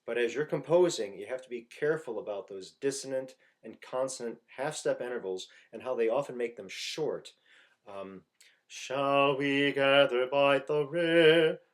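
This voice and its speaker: A man giving an informal singing lesson, explaining slowly and haltingly and breaking into loud sung phrases to demonstrate. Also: medium pitch. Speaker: voice teacher.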